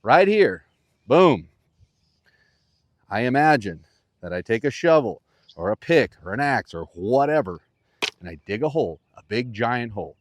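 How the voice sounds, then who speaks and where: A man teaching golf out on the course, his voice swinging up and down as he jokes and paints pictures for the viewer. Playful and animated, speaking with an outdoor mic. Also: medium pitch, unhurried, long pauses, dry recording. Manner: playful, animated coaching with vivid imagery. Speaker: golf instructor.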